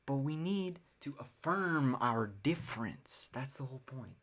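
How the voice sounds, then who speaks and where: A woman's voice: rumbling low, lively intonation, measured pace. A young woman hosting her own podcast, talking casually on her own in a ranting, profane way with wry laughs. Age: young adult. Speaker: podcast host. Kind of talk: casual solo podcast monologue.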